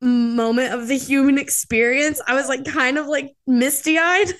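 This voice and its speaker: A woman's voice: high voice, steady tone, measured pace, fairly bright tone. A young woman co-hosting a podcast in casual chat, telling stories with lots of fillers and acting out quotes. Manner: chatty storyteller, acts out quotes, many fillers. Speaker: podcast co-host.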